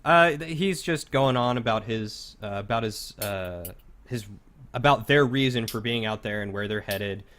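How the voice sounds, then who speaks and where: A man narrating as game master in a tabletop game, describing scenes in a halting, loose way. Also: mid-range voice, fairly bright tone.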